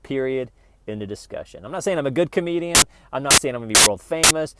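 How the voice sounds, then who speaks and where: A man's voice: mid-range voice, animated, fast talker, heavy background noise. A middle-aged man hosting his own channel, giving a casual, joking spiritual self-help talk that often restarts mid-sentence. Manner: conversational and joking, with frequent restarts. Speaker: YouTube channel host.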